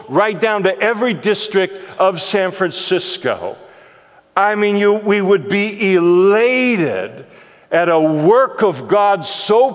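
A male pastor preaching a sermon with emphasis, often breaking off with filler uhs and restarts. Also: on the high side. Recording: long reverb of a large hall.

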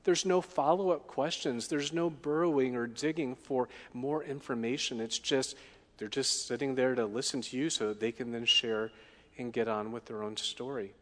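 A man preaching a sermon in a middle-pitched voice, putting questions to the congregation as he goes. His voice carries a long reverb from the hall. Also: normal speed. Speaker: pastor.

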